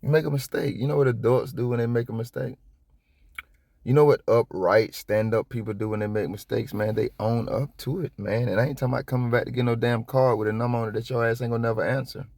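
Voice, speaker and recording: A man giving casual reaction commentary on a police video, rambling and profane, with sudden high-pitched outbursts. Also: fairly even intonation, fast talker, vocal fry, darkish tone, dry recording, studio quality. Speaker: copwatch commentator.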